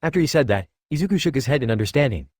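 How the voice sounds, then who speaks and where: A man's voice: medium pitch, lively intonation, rapid-fire, darkish tone, dry recording, clean studio sound. Man speed-reading a story. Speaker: narrator. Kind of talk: fan fiction reading.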